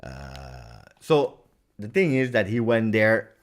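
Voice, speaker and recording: A man hosting a livestream Q&A, chatty and animated, talking straight to his viewers. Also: lowish voice, takes it slowly. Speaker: football fan channel host. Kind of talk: livestream Q&A chat.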